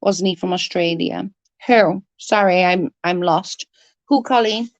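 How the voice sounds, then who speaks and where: A woman's voice: fairly low pitch, measured pace, dry recording, highs cut off. Middle-aged British woman, casual livestream chat, rambling, answering comments, dry close sound.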